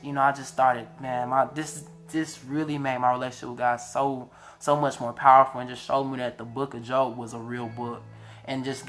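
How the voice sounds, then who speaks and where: Young guy in his 20s telling his story, real emotional and animated, some music low in the back. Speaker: vlogger. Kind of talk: casual storytelling testimony.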